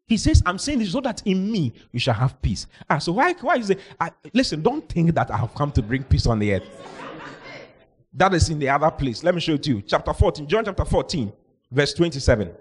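A male pastor preaching a lively sermon, reading scripture and acting out the people in it, sometimes shouting. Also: on the high side, a little fast, husky. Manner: animated, shouting out and acting out Bible characters.

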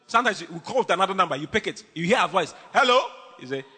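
A man preaching a lively, humorous sermon as pastor, teasing his congregation with bursts of shouting. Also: high voice, rapid-fire, breathy edge, big-room sound.

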